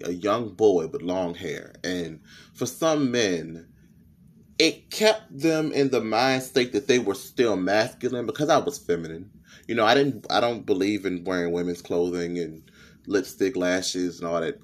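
A young man with a lisp, hosting a candid, profane personal podcast monologue. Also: lowish voice. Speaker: podcast host.

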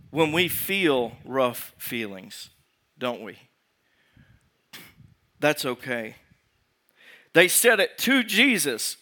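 A male pastor preaching with a bright, forceful tone sitting a little above the usual male pitch. He asks the congregation rhetorical questions. He moves between raised emphasis and quiet, drawn-out phrases. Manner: swings from raised emphasis to hushed, slow delivery. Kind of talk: sermon.

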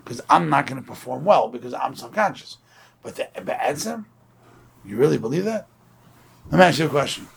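With a mid-range voice and vocal fry, this Brooklyn man teaches a Torah class in a relaxed, chatty way. He tells stories and animates the people he quotes, and there's a little hiss or hum in the background.

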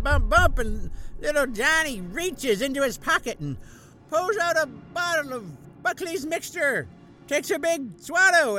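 A man's voice: very high-pitched, a little hiss or hum, exaggerated voice, rough recording. A man playing a sardonic, folksy uncle who tells bedtime horror stories on a comedy radio show. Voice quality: folksy drawl, dark deadpan asides. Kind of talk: comic radio-show storytelling.

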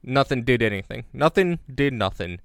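Male podcast co-host, smooth resonant voice, dry close sound, rambling and jokey. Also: mid-range voice, normal speed, no room sound. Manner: jokey, rambling, deadpan asides. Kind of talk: casual chat. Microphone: remote recording on separate devices.

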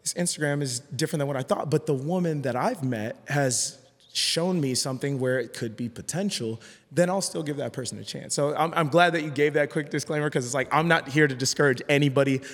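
A man's voice: on the high side, fairly quick. A man talking as a podcast guest in a casual conversation, earnest and hesitant, often restarting his sentences. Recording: long hall reverb.

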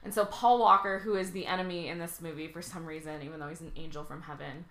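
A woman tells the story of a movie in loose, joking podcast chat, her speech full of asides and casual swearing. Her voice is a little low but bright and forward. The room adds a clear echo around her. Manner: animated, profane storytelling with quick asides. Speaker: podcast guest.

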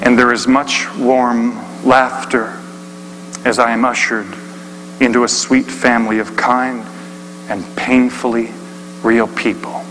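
Dramatic preacher in an echoing hall. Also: male voice, mid-range voice, little pitch movement, slow pace. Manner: swings between hushed and shouted. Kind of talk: dramatic storytelling sermon. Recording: long hall reverb, faint hum.

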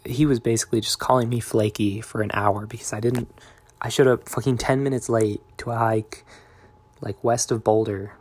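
A young man talking in a reflective, meandering, soft-spoken way in a confessional diary vlog. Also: on the low side, fairly even intonation, fairly quick, husky. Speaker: vlogger.

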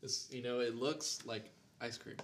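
A man's voice: medium pitch, fairly even intonation, moderate pace, heavy background noise. A man co-hosting a podcast, chatting casually and joking while tasting ice cream. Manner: upbeat, jokey, talks while eating. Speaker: podcast co-host.

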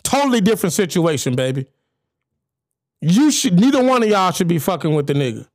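A man co-hosts a podcast in loud, profane casual banter. His voice sits very high and sounds dry and close. He rants fast and cuts across the others. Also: sing-song, no room sound. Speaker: podcast co-host.

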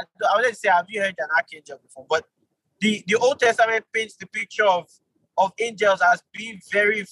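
A man teaching an online Bible study, animated, with sudden jumps in pitch for emphasis and quick apologetic asides. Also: husky, dry recording, low-quality recording.

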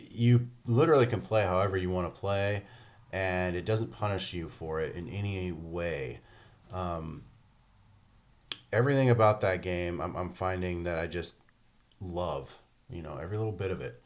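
A man in casual chat about a video game, rambling and swearing freely, acting out quotes as he goes. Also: deep voice.

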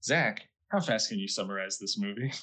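Animated, husky male co-host who laughs easily and teases. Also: lowish voice, brisk. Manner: laughs a lot, lively and teasing. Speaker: podcast co-host. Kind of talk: casual chat.

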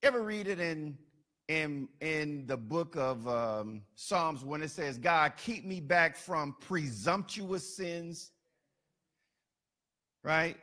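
Man, sermon, emphatic repetition, bright edgy voice, a bit high. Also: takes it slowly. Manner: emphatic, building repetition with loud peaks; colloquial asides. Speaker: preacher.

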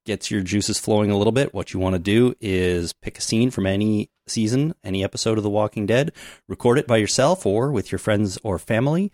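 A man from Canada, hosting a casual, joking podcast chat with filler pauses. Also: fairly low pitch, a little mellow, no room sound, clean studio sound. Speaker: podcast host.

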